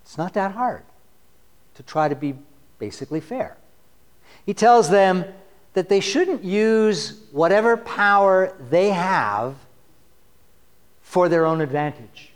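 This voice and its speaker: A man's voice: high-pitched, expressive, takes it slowly, pauses often. A man preaching a sermon, conversational and wry, reading scripture passages with rising force. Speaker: pastor.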